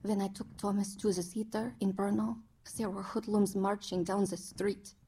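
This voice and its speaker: An actress playing a worried mother who must send her young son away, speaking in a hushed, anxious way. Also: medium pitch, level tone, moderate pace, husky. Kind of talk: radio drama acting.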